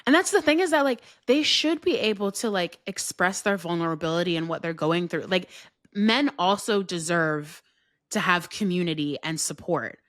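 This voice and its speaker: Low-voiced emphatic woman, podcast guest. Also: normal speed, fairly bright tone, no room sound, studio quality. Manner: emphatic, many "like" fillers. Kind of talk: casual podcast chat.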